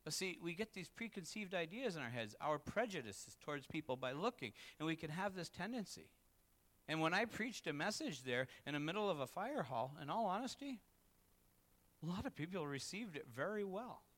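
A man's voice: a little high, very animated, moderate pace, fairly bright tone. A man, a pastor, preaching a candid, confessional sermon that rises to emphatic peaks. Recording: long reverb in a hall.

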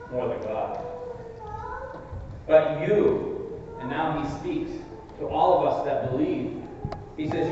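Guy preaching in a big echoey church, kinda far from the mic, higher voice, goes loud then soft. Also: slight background noise. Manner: earnest, rises to emphatic peaks then drops to soft asides. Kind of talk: expository sermon. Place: church sanctuary. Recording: distant echoey hall recording, dull.

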